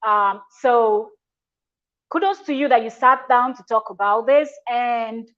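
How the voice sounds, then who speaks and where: A woman with a fairly high, slightly bright voice hosts a reaction video, speaking at a measured pace in a chatty, emphatic style full of restarts. The recording sounds muffled. It's casual reaction commentary from a reaction channel host.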